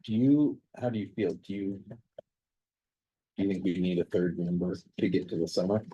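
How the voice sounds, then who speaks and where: Low, dark-voiced man in a meeting. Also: moderate pace, breathy edge, no room sound, highs cut off. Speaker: board committee member. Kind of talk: casual meeting discussion. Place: meeting room.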